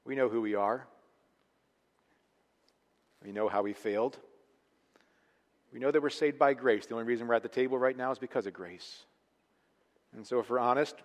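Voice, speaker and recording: A man preaching a sermon, earnest and emphatic, swinging between quiet, intimate lines and loud, pressing ones. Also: medium pitch. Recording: long reverb of a large hall.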